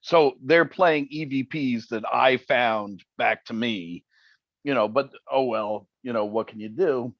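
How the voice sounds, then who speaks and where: A man who is a guest on a podcast, telling wry stories in a casual, animated way. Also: medium pitch, measured pace, no room sound, highs cut off. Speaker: interview guest, TV paranormal investigator. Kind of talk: casual interview chat.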